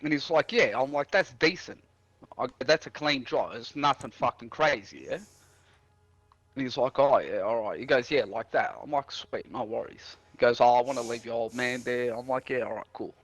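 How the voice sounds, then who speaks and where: Faint music plays behind this man's medium-pitched voice, which has no room sound and moves at a normal speed. A streamer and house painter, he rambles through a work anecdote in casual chat, cursing heavily and performing the quoted lines.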